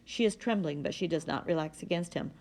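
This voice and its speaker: A woman reading a novel aloud in a steady, plain manner. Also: sits low, a little fast. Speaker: audiobook reader.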